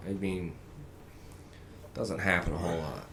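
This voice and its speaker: A man as a podcast guest in casual chat, joking and swearing with quick interjections. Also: low-pitched, vocal fry, sharp tone, slight background noise.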